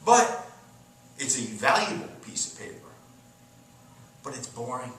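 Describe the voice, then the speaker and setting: A man's voice: medium pitch, very animated, unhurried, fairly bright tone, far from the mic. A man giving a sales training talk, emphatic, swinging his tone and volume up and down for effect. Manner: emphatic, dramatic shifts in tone and volume. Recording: very echoey room, voice from off mic.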